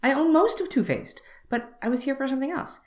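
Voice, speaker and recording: A young woman beauty vlogger telling a story to camera, wry and animated, acting out both sides of a conversation. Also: sits high, a little fast.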